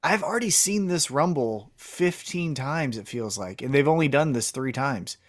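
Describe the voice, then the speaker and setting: A man's voice: mid-range voice, expressive, moderate pace. A man co-hosting a casual wrestling podcast, giving laid-back, dry replies. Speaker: co-host.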